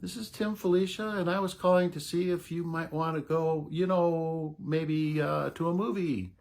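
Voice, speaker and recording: A man's voice: fairly high pitch, fairly even intonation, moderate pace, vocal fry, darkish tone, voice pushed up. A man voicing his nervous younger self phoning a girl to ask her out, stammering and hesitant.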